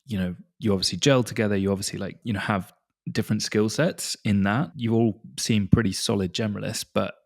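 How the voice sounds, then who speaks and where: A man hosts a casual podcast interview, asking long, rambling questions full of fillers. His voice sits fairly low, and the recording is dry and close, with no room echo. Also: steady tone, a little fast, gravelly. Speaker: podcast host.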